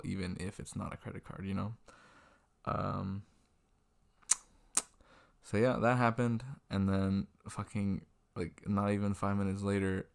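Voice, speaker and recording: Young male vlogger, deep and gravelly, rambling and self-deprecating, webcam at night. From Washington state, US. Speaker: restaurant server telling a work story. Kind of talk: casual storytelling vlog. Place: indoors at a computer, late at night. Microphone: webcam mic.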